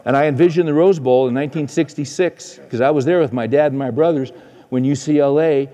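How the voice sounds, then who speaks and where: A middle-aged man preaching a storytelling sermon, swinging from excited to hushed. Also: mid-range voice, a little fast. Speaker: preacher and men's conference speaker. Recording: echoey hall reverb.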